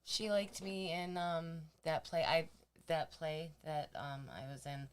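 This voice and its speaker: A woman's voice: deep voice, steady tone, takes it slowly, clean tone. A woman co-hosting a podcast in casual chat, giving brief, easygoing replies.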